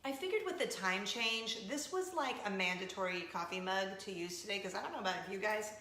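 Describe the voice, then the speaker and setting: A woman in her forties hosts a casual chat show in a playfully dramatic, self-mocking way. Her voice is bright and crisp and swoops up and down. The room is echoey, with a faint hum behind her. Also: mid-range voice, animated, a little fast, hardly any pauses, faint music behind. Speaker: host of a weekly coffee talk show. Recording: roomy echo with faint room noise.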